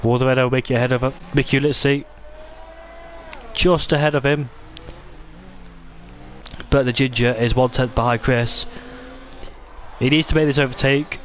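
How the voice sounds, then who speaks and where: A man doing casual live commentary on a racing game league, chatty and excitable, often restarting his sentences. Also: mid-range voice, normal speed, long pauses, slight background noise.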